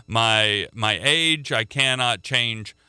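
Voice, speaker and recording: A man preaches with earnest conviction and often doubles back on his words mid-thought. His voice is strikingly bright and smooth. The sound is dry and close, with no room around it. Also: medium pitch, slow, no echo. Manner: earnest, repeats words as he restarts. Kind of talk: sermon.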